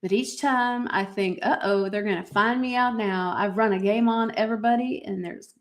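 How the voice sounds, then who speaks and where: A woman's voice: mid-range voice, fairly even intonation, moderate pace, natural voice. A woman doing an impression of an older woman poet, trying on her accent while quoting her. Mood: wry. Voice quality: attempted accent. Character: older woman poet, self-doubting, wry.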